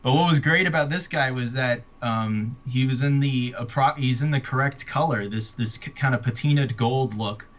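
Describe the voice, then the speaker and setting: A man who is an author chats casually about his books and readers, halting often with many restarts, stumbles, and fillers. His voice is mid-range, and the recording sounds muffled.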